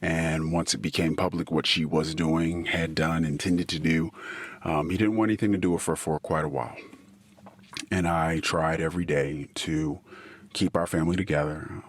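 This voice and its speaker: A middle-aged man hosting a podcast, telling a personal story in a halting, emotional way that drifts into quiet asides. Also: very deep voice, steady tone. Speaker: podcast host.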